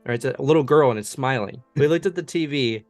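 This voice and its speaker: A man in his twenties from the US, leading a paranormal investigation group and casually telling stories in an interview, relaxed and rambling with many fillers. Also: medium pitch, fast, no echo, soft background music. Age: 20s.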